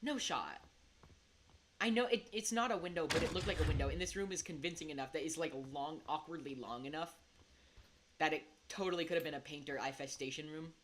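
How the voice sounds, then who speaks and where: A woman streaming a game, rambling and giggling, swinging between hushed mutters and excited outbursts. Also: low-pitched, fairly quick. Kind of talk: casual gaming commentary. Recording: steady background noise.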